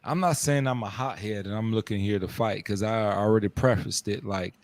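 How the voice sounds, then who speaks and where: A man's voice: on the low side, a little fast. A man in his early forties telling stories in casual chat, acting out other people's voices as he goes. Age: 40s. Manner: storytelling, acts out quoted voices.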